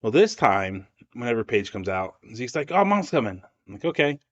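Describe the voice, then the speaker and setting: A man tells a family story in a relaxed, chatty way. His pitch swoops and jumps as he acts out the people in the story. The audio is dull and lo-fi. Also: normal speed. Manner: animated, acts out voices in his anecdotes. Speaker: podcast guest telling a family story. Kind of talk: casual storytelling.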